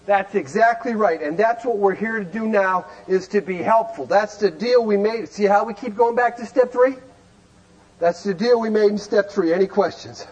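A man's voice: high-pitched, normal speed, darkish tone, muffled recording. A man teaching a recovery group in a folksy, emphatic way, peppered with rhetorical questions. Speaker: recovery meeting speaker. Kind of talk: animated teaching talk.

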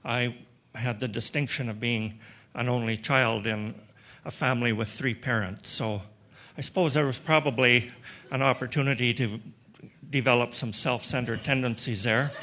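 A middle-aged man from Western Canada tells his personal recovery story to an audience in a reflective, halting way, often restarting his sentences and adding dry humor. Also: mid-range voice, fairly even intonation, sharp tone. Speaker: recovery meeting speaker.

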